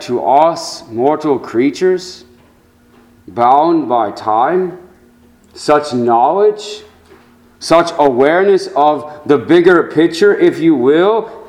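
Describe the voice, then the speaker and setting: A man preaching a sermon to his congregation, slow and measured, with deliberate pauses. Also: medium pitch, a little mellow, low-quality recording. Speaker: pastor.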